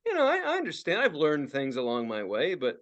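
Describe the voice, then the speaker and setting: A man's voice: on the high side, wildly swooping pitch, a little fast, fairly bright tone, dull audio. A man in his forties ranting and swearing as a podcast co-host, laughing often in casual talk. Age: 40s. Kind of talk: casual profane podcast rant.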